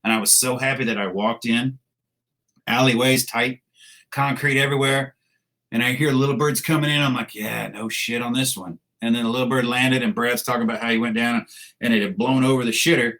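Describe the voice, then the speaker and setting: A man's voice: mid-range voice, fairly even intonation, fairly quick, fairly bright tone, rough recording. A middle-aged man, a podcast guest in a studio, telling salty, profane anecdotes with laughs in a casual interview.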